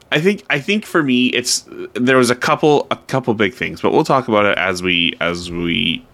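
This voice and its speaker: A man co-hosting a podcast in casual chat, with blunt, drawn-out complaints. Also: mid-range voice, animated, sharp tone. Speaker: podcast co-host.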